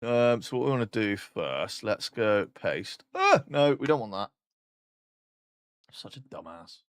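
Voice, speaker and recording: A man's voice: mid-range voice, expressive, measured pace, clear, resonant tone, dry recording, studio quality. A man streaming a casual chat, joking about himself and swearing now and then.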